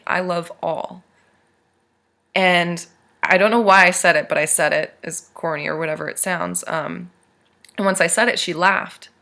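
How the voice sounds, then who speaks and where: Woman vlogger, casual dream story, lowish voice, crisp bright tone, rambling. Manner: rambling, animated retelling of a dream.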